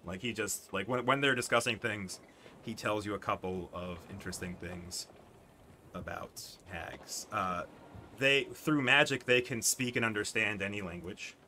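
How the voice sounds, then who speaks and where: A man's voice: normal speed, pushed and bright, a little hiss or hum. A man running a tabletop game as game master, casual and chatty, laughing often. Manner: laughs often, breaks into high giggles.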